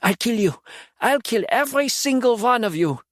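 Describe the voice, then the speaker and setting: A man voicing an arrogant male demon fighter who snarls and shouts his threats. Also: fairly high pitch, lively intonation, normal speed, dry recording, studio quality, pitched above the performer's own voice, close to an everyday voice. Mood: snarling.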